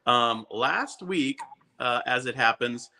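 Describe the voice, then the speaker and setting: A man co-hosting a live stream, cheering people on with quick upbeat comments. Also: mid-range voice, expressive, vocal fry, pushed and bright, slight background noise. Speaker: co-host of the show. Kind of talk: casual live-stream chat.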